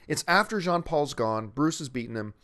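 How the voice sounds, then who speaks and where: A man's voice: a little high, lively intonation, moderate pace, a bit bright. A man hosting a movie news show, chatting casually and enthusiastically in a rambling way as he answers a viewer's question, often restarting his sentences.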